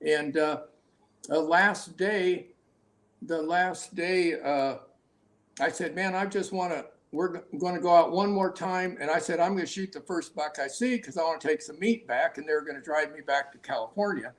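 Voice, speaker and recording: A man's voice: a little high, normal speed. An older man, a hunting guide, telling rambling stories in a casual interview, with many restarts and frequent laughter.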